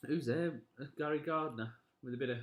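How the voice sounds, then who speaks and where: A young man from Birmingham with a Birmingham accent, chatting and reacting loudly while hosting a football watch-along stream. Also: a little high, brisk. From Birmingham, England. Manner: chatty, reacts loudly, plugs likes and subscribes. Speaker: live stream host. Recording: echoey room.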